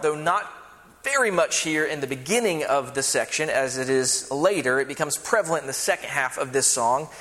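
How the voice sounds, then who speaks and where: A man's voice: fairly high pitch, fairly bright tone. A man preaching a sermon in church, earnest, with fillers and restarts as he explains the text. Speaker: pastor. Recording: long hall reverb.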